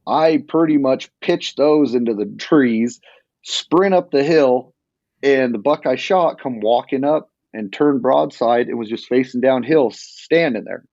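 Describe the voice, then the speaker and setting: A man's voice: medium pitch, a little slow, dry recording. Rambling male hunter telling a story. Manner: animated, rambling retelling with many restarts. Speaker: hunting guest telling a story. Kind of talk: casual storytelling. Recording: dull lo-fi sound.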